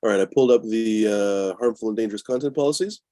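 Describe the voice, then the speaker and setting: A fast-talking man hosts a casual live stream, swearing and sarcastic as he runs through disclaimers. His voice is dark and a little husky, recorded dry and close. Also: fairly low pitch, no room sound. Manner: profane, fired-up, sarcastic. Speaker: host of a cannabis talk show.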